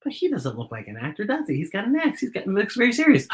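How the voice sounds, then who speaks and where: Lively woman reading a storybook to kids. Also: mid-range voice, fast, few pauses. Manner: animated, talks directly to young viewers. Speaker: children's story time host. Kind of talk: reading a picture book aloud to children.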